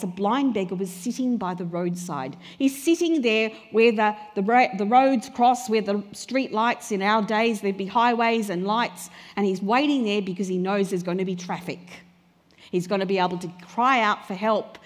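Woman preaching in a reverberant hall. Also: fairly high pitch. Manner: conversational preaching, rising to loud cries when quoting prayers. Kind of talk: sermon.

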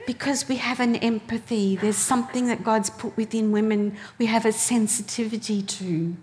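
A woman's voice: fairly high pitch, fairly even intonation, normal speed, a little mellow, a little hiss or hum. A woman preaching a sermon, telling stories animatedly and acting out the voices she quotes. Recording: long hall reverb.

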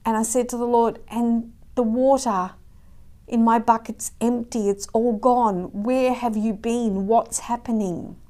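A woman's voice: fairly high pitch, fairly even intonation, unhurried. Earnest woman telling a devotional story. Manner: earnest storytelling, softening to a hush at moving moments. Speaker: Christian speaker. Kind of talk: personal devotional talk.

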